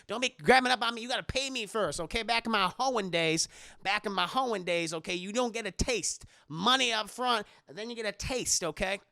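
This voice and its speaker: A man's voice: sits high, fairly quick, gravelly, sharp tone, no echo, studio quality, heavily acted. A man voicing a brash, foul-mouthed older woman who scolds, threatens and boasts in a sassy, bawdy way. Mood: brassy.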